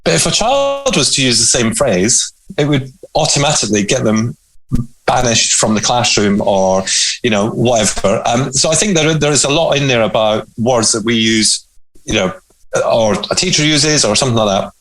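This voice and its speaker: A man co-hosting a podcast, reflecting in a measured, casual way. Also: mid-range voice, expressive, fairly bright tone, poor audio. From Scotland. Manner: reflective, measured, hedging with ums. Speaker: podcast co-host. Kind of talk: casual conversational chat.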